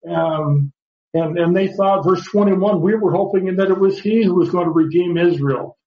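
A man with a high-sitting voice leads a Bible study class at a moderate pace, earnestly explaining things step by step and often repeating words. The recording sounds dull and lo-fi.

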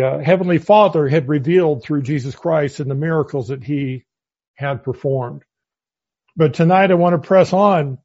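A man leads a Bible study in a measured sermon style and quotes long scripture passages. His voice sits a little high for a man. The recording sounds dull and lo-fi. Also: darkish tone. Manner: measured, quoting scripture at length. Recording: muffled lo-fi audio.

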